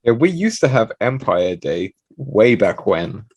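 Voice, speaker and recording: A man chatting casually on a podcast, talking in quick bursts full of "like" and fillers. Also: fairly low pitch, big pitch swings, darkish tone. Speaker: podcast guest. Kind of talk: casual chat.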